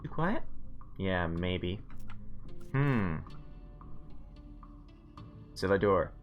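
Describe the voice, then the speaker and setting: Low-voiced man reading game text aloud. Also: big pitch swings, extremely slow, faint music behind. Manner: playful, reads game narration with relish. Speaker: let's play streamer.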